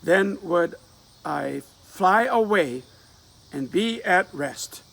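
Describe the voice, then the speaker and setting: A man's voice: high voice, animated, very slow, vocal fry, fairly bright tone, full character voice. A man voicing a bold, restless nineteen-year-old who teases and reassures his sweetheart, in a dramatic reading of a play with rural dialect. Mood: defiant, wistful. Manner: teasing, confident, rural dialect.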